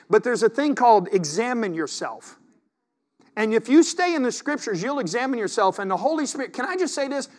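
A middle-aged man, a pastor preaching a sermon in a conversational way, asking the congregation questions and dropping to hushed asides. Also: high-pitched.

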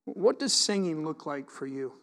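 Middle-aged man, pastor, high-pitched and animated, reads scripture and preaches with swings from loud to soft. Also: normal speed, big-room sound. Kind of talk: sermon.

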